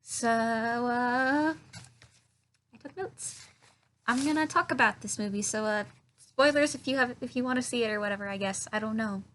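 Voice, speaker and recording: A woman's voice: a little high, moderate pace, fairly bright tone, a little hiss or hum. A woman ranting casually about a bad film, rambling, swearing and laughing in disbelief. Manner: rambling, profane, laughing, incredulous. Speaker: film reviewer. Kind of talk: casual film review vlog.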